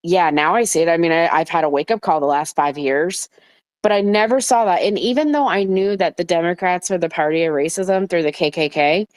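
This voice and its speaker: A woman hosting a casual talk in an online audio room. She speaks bluntly and heatedly, swears freely, and her voice sits a little low. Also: brisk, no echo. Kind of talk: casual political chat.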